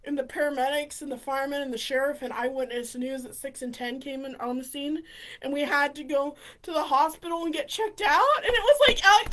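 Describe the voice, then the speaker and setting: A woman vlogger telling funny stories in an excitable, rambling way, giggling and restarting often. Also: sits high. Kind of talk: casual storytelling.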